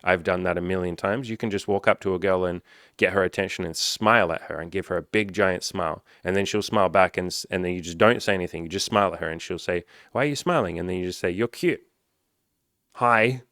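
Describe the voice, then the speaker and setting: A man's voice: low-pitched, steady tone, quick pace, fairly bright tone, no room sound, clean studio sound. A man giving blunt, casual dating advice to viewers, reading out their comments and answering them, swearing freely. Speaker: dating coach. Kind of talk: casual talking-head advice video.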